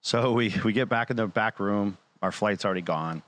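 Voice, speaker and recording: A man's voice: lowish voice, moderate pace. A man telling a long personal story in casual talk, acting out what others said to him. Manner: animated, quotes others in dialogue. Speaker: show guest or panelist.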